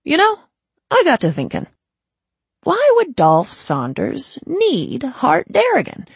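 A narrator voicing a smooth, mocking young gang boss in his twenties, with a lilting, showy delivery. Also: sits high, wildly swooping pitch, takes it slowly, no room sound, voice pushed up, exaggerated voice. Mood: taunting. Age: 20s. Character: smooth, taunting young male Italian-born gang boss.

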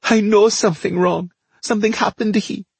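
A frantic, devoted wife voiced by a man cries out in a high, shrill, pleading voice. The tone is husky and the recording is dry and close. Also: expressive, unhurried, darkish tone, no room sound.

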